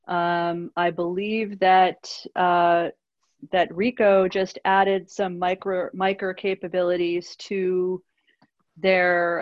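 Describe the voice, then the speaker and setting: A woman's voice: fairly low pitch, no room sound. A woman answering audience questions in a webinar, hesitant, with many fillers and restarts. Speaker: industry analyst answering questions. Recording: dull lo-fi webinar audio.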